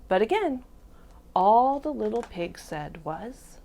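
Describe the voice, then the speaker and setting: A woman preschool teacher reading a picture book aloud to young children, doing expressive voices for the animals, then leading a drawing activity. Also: fairly high pitch, slow pace, creaky. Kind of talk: children's storybook read-aloud.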